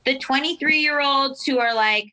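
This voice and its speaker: A young woman co-hosting a podcast, chatting casually and telling animated stories, slipping into put-on voices. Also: high voice, measured pace, rough recording. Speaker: podcast co-host. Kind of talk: casual chat.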